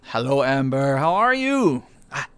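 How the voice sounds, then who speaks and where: A man's voice: mid-range voice, sing-song, unhurried, a bit bright, clear, resonant tone, no echo. A tired man in casual live-stream chat, playfully greeting his viewers one by one and joking at his own expense. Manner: goofy, self-mocking. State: tired, lower energy. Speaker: livestreamer.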